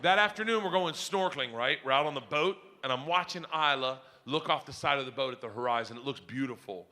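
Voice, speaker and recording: A middle-aged man telling profane stand-up stories, breaking into shouts. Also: medium pitch, a little fast, a little hiss or hum. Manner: rowdy, profane storytelling with shouted bursts. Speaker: stand-up comedian. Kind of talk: stand-up comedy routine. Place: stage before a live audience.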